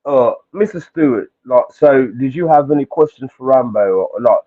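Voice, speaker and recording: A man's voice: mid-range voice, expressive, moderate pace. A man hosting a live stream, talking in a loose, slangy way and greeting viewers by name. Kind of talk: casual chat on a live stream. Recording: phone-like thin line.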